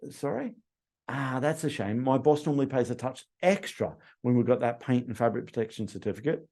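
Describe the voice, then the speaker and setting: Animated man giving a sales training talk. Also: mid-range voice. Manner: animated, acts out customer dialogue.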